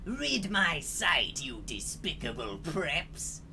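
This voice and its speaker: A man voicing a lovestruck male villain henchman with a drawn-out, theatrical delivery in a comedic reading. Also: on the high side, wildly swooping pitch, creaky, music in the background, voice pushed up, heavily acted.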